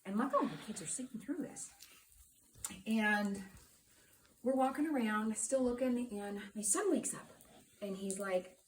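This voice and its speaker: A middle-aged woman telling a personal story to a live audience, lively, acting out the people and sounds in it. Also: mid-range voice, unhurried, long pauses, a little hiss or hum. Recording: roomy sound from a distant mic.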